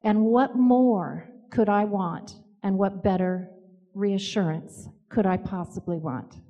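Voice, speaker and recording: A woman with a mid-range voice tells personal stories in a gentle, reflective way. She pauses often as she speaks. Her voice rings with the long reverb of a hall. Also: medium pitch, dull audio. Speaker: co-author and speaker. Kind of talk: storytelling talk.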